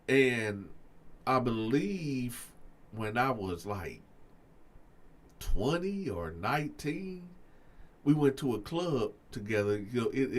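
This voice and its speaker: A man hosting a storytime channel, talking straight to his viewers in an animated way, with frequent "y'all" and stammered restarts. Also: mid-range voice. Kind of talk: casual storytime monologue.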